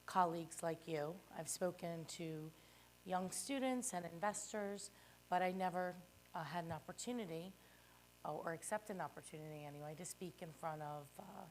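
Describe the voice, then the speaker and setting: A woman's voice: fairly low pitch, moderate pace, a little hiss or hum. Modest woman telling her life story. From Philadelphia. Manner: modest and a little nervous, with fillers. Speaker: guest speaker, real estate agent. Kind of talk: personal life story speech.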